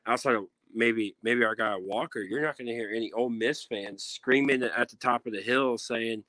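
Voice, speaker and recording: Male podcast guest, bright and emphatic, casual sports chat, dry recording. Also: mid-range voice, fairly even intonation, normal speed, few pauses, dry recording. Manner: emphatic, repeats phrases for effect.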